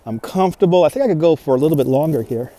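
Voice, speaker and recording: A man's voice: on the high side, lively intonation, rapid-fire, dark tone, no room sound. Chatty New man on a walk. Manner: chatty, reads out and answers viewer comments, laughs often. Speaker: livestream host. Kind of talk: casual walking livestream chat. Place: outdoors in a snowy park at dusk. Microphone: phone on a handheld gimbal.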